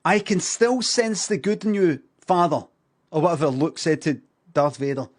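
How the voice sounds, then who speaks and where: Mocking sweary man with a high voice. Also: expressive, normal speed. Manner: mocking, sweary, repeats lines to tease. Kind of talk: podcast chat.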